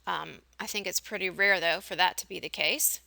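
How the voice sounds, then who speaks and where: A woman's voice: on the low side, moderate pace, gravelly, pushed and bright, no echo. A middle-aged woman teaching a recorded vocabulary lesson. She explains each word with everyday examples.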